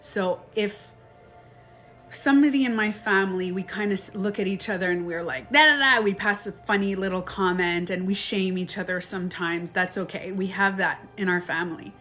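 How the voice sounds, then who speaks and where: A woman talking casually on a live stream as a coach, chatty and animated. She acts out quoted phrases and laughs often. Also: medium pitch, normal speed, faint music behind. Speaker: life and beauty coach. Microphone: phone.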